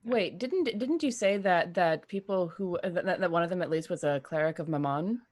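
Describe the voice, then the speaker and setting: Low-voiced woman thinking aloud. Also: fairly quick. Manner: stammering restarts while thinking aloud. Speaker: player. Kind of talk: tabletop role-play chat.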